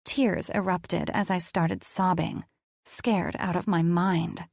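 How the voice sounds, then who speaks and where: A woman narrating an audiobook in the first person, in a measured, even way. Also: on the low side, vocal fry, no room sound, studio quality.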